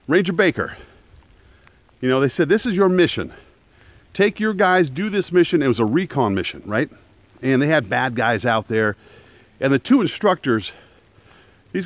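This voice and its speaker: Man, lively storytelling, phone held at arm's length, outdoors in the woods, dry close sound, slightly high voice. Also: no room sound. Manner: animated, emphatic storytelling with shouted quotes. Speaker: vlogger. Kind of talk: casual storytelling vlog. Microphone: phone held at arm's length for a selfie.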